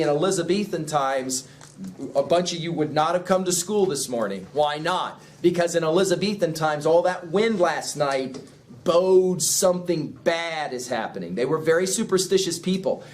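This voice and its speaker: A man's voice: fairly high pitch, a little hiss or hum. Questioning male teacher lecturing class. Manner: asks the class questions, lively explaining. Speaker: English teacher.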